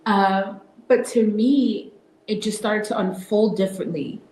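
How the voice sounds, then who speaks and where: Soft-spoken woman with a roomy echo. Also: medium pitch, measured pace, a little hiss or hum. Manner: soft-spoken, reflective, drops into whispers. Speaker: host. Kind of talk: casual devotional talk.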